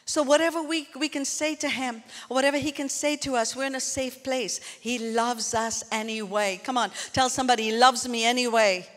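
Fairly quick and with few pauses, a woman pastor preaches earnestly and conversationally, her high voice keeping fairly even intonation as she often turns to the congregation with asides. Her words echo with long reverb in a church hall.

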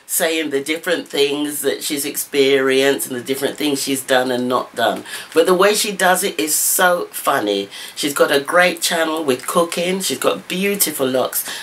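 Woman craft vlogger, gushing and exclaiming, lowish voice, noisy home camera recording. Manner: gushing, excitable, repeated exclamations. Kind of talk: unboxing vlog. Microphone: camera mic.

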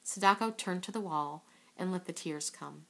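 A woman reading a children's book aloud in a steady voice, now and then correcting a slip. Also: lowish voice, normal speed, vocal fry. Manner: steady, with occasional slips and self-corrections. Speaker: reader.

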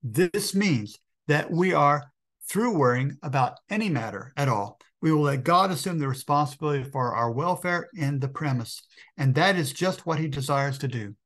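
A man's voice: a little high, animated, moderate pace, fairly bright tone. A middle-aged man preaching a sermon as a pastor. He talks earnestly, calls his listeners friends and often stops to restart a word.

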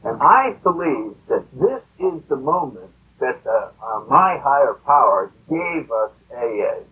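A man's voice: mid-range voice, big pitch swings, measured pace, a little hiss or hum. A man telling a story to a recovery meeting in a rambling, conversational way with many fillers. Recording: tinny lo-fi old tape.

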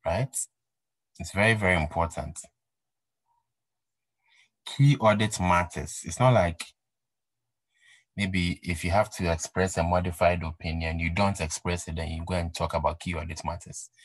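A man's voice: sits low, fairly even intonation, normal speed, slightly rough, no room sound, low-quality recording. A man giving a recorded accounting lecture, repeating key points and asking rhetorical questions to stress them. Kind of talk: recorded exam-prep lecture.

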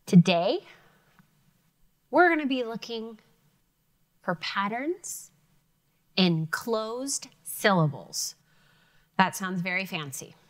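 A woman teaching a lesson to children, speaking slowly and clearly. Her pitch rises and falls a lot as she keeps the lesson lively and encouraging. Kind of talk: televised classroom lesson for children.

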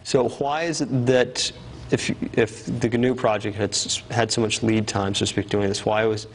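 A male interviewer asking quiet, tentative questions with some restarts, recorded off-mic. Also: lowish voice, steady tone, moderate pace, slight background noise. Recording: distant off-mic voice.

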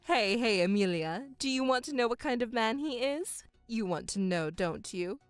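A woman's voice: fairly high pitch, lively intonation, moderate pace, smooth, no echo, faint music behind, close to an everyday voice. A woman voicing a scheming middle-aged mother who dotes on one daughter and mocks the other, speaking in a condescending, gloating way. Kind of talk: voiced story narration.

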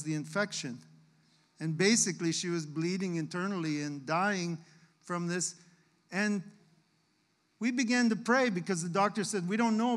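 A man with a notably high-pitched voice tells a heartfelt story from the pulpit. His delivery is earnest and emotional, and the sound carries the long reverb of a church sanctuary. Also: fairly bright tone. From Canada. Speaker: guest missionary speaker. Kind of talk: sermon testimony.

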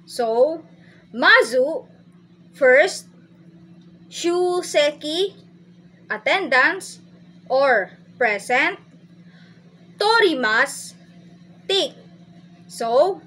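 A woman teaching a language lesson, explaining phrases slowly and patiently and repeating each one. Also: high voice, expressive, pushed and bright, a little hiss or hum, rough recording.

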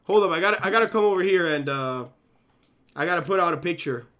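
A man in his twenties streaming a game live, chatting excitably to his viewers and constantly cutting himself off with "hold up". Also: sits high, quick pace. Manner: excitable, fidgety, keeps saying "yo" and "hold up". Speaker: gaming streamer. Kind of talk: casual live-stream chat while playing.

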